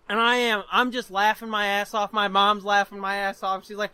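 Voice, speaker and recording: A man in his twenties co-hosting a podcast, telling stories in an animated, profane way and laughing often. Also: high-pitched, fairly quick, hardly any pauses, smooth, no room sound. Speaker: podcast co-host. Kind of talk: casual chat, storytelling.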